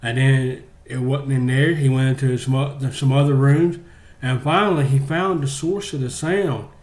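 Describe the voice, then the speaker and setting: A man telling a long shaggy-dog joke in a halting, drawn-out way, full of fillers. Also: medium pitch, fairly even intonation, a little mellow, echoey room. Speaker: joke teller. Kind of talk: rambling spoken joke.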